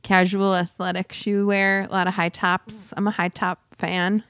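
A woman co-hosting a podcast in a loose, playful way that is full of laughter. She talks at a middling pitch with a dry, close-miked sound. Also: flat delivery, unhurried, a bit bright, clear, resonant tone, no room sound. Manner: laughs often, rambling and playful. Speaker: podcast co-host. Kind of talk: casual chat.

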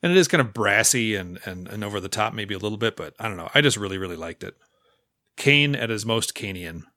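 A man's voice: on the low side, animated, fast, no room sound, studio quality. A man co-hosting a casual movie podcast who talks appreciatively and jokes around. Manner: warmly appreciative, jokey. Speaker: podcast co-host. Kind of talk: casual movie-review chat.

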